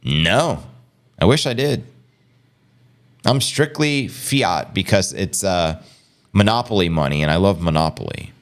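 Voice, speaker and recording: A man's voice: deep voice, lively intonation, unhurried. A man hosting a casual crypto livestream, joking in slang and answering his chat.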